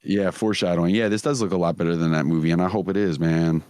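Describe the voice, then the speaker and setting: Low-voiced, profane podcast host. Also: male voice, steady tone, fast, darkish tone. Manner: profane, laughing, rambling. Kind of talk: casual chat.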